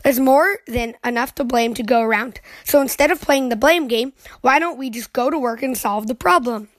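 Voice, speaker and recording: Steady, reasonable storybook papa bear, read by a woman. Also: on the high side, moderate pace, no echo, close to an everyday voice. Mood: calm. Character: calm practical father bear.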